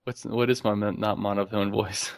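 A man co-hosting a podcast in casual chat, speaking in a flat, monotone way and laughing often. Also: on the low side, normal speed, gravelly, dry recording, studio quality. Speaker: podcast co-host.

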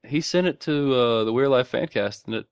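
A man co-hosts a casual podcast in a mostly even, monotone voice and breaks into frequent laughter. His voice sits mid-range and is recorded dry, with no room sound around it. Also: mid-range voice, moderate pace, clean tone, dry recording. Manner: self-described monotone, laughs often. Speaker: podcast co-host. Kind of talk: casual chat.

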